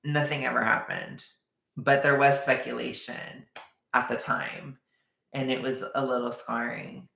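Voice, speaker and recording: A man's voice: mid-range voice, flat delivery, unhurried, gravelly, bright, forceful tone, reverberant. A young man telling a personal story in a casual, rambling way, full of fillers and quoted back-and-forth.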